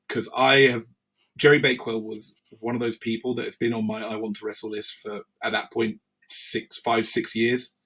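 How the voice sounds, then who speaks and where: A man, a wrestler guest on a podcast, telling stories in an animated way and acting out quotes. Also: medium pitch, normal speed, husky. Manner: animated storyteller, acts out quotes. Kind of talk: casual interview storytelling.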